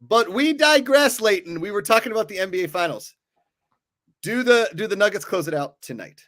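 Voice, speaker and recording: A man with a Pittsburgh accent co-hosts a loose sports talk show, his voice sitting a bit high for a man. He jokes, teases his co-host and laughs often. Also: animated, a little fast, fairly bright tone. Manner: jokey, teasing, laughs often.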